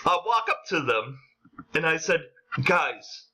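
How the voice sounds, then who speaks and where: A man's voice: a little high, moderate pace, poor audio. A young adult man telling funny personal stories in a casual vlog, acting out quotes with a raised voice. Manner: animated, acts out quotes in a raised voice. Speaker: vlogger.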